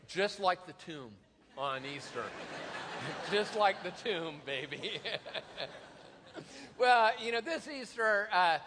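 A man's voice: on the high side, bright, forceful tone, slight background noise. A man in his forties, a pastor, telling funny self-deprecating stories in an Easter sermon, often laughing. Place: large church hall. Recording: long hall reverb.

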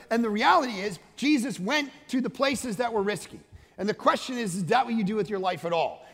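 A man preaching a sermon as the pastor, conversational and emphatic, swinging between loud stretches and hushed asides. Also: high voice. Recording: large hall with long reverb.

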